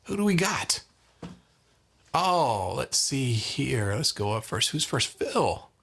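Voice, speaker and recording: A man's voice: mid-range voice, big pitch swings, slow pace, vocal fry, fairly bright tone. Chatty man teaching guitar live. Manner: chatty, greets viewers by name, lots of fillers. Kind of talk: casual live-stream teaching.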